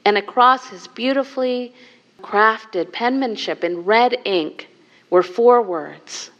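A woman meditation teacher telling a teaching story and leading a guided meditation in a gentle, soft-spoken way. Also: a little high, slow pace, highs cut off.

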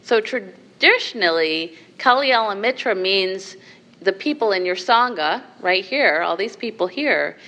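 A woman gives a dharma talk in a slow, unhurried voice at a middling pitch. She speaks in a measured, gentle way to a gathered group, with soft laughs and frequent asides of "right?". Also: expressive. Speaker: Buddhist meditation teacher. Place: meditation hall with a group.

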